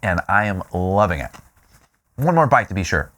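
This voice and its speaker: A man's voice: low voice, sing-song, moderate pace, a bit bright. A man hosting a casual food review vlog, talking in a playful, self-mocking way with exaggerated reactions to each dish.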